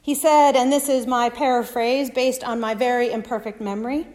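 Woman, preacher, sermon, high-pitched voice, hushed whispers, reverberant hall. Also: steady tone, normal speed, hardly any pauses. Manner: dramatic, drops to soft whispers. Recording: long reverb of a large hall.

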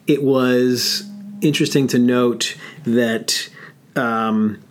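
A man co-hosting a relaxed podcast chat. His pitch sits in a middle range. He speaks haltingly, pausing on fillers and restarting his sentences. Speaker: podcast co-host. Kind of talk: casual podcast discussion.

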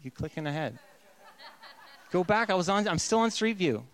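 A man's voice: high-pitched, lively intonation, normal speed. A man preaching a sermon in a conversational, playful way, slipping into voices to act out what people say. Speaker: pastor.

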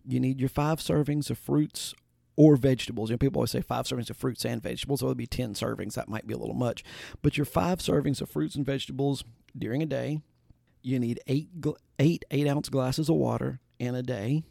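A folksy male podcast host with a gravelly edge to his voice and a dark, mellow tone. He talks in a relaxed way, wanders into asides and corrects himself mid-sentence, and the sound is close and dry. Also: mid-range voice, brisk, no room sound. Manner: folksy, conversational, with restarts and asides. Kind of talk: casual spoken storytelling and advice.

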